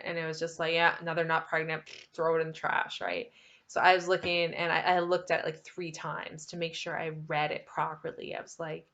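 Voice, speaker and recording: A woman in her thirties speaks straight to her viewers, telling her own story in a candid, chatty way. Her voice sits a little low for a woman, and she laughs easily between sentences. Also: fairly even intonation, moderate pace, fairly bright tone. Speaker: vlogger. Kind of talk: personal storytelling.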